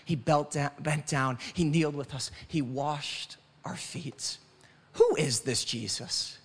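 High-pitched guy pastor preaching, chatty w the congregation, punchy repeated lines. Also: slow, slightly rough. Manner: preaching with rhythmic lists and audience questions. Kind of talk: sermon. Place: church.

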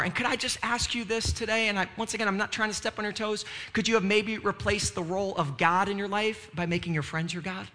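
A man's voice: high voice, fairly even intonation, brisk, few pauses, pushed and bright. A male pastor preaching a sermon in a conversational way, with frequent "right?" asides and moments of rising fervor.

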